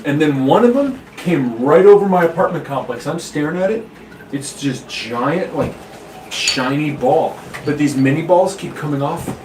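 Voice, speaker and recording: A man chatting casually, excitable, trailing off mid-sentence, recorded in a room at home. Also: fairly high pitch, normal speed. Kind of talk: casual chat. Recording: roomy, distant mic with faint noise.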